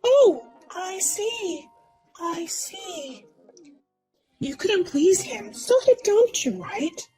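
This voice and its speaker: A woman's voice: very high-pitched, big pitch swings, very slow, warm tone, pitched above the performer's own voice, heavily acted, low-quality recording. A woman voicing a smug, boastful young woman who taunts and mocks in a sing-song way. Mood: smug taunting. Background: faint music.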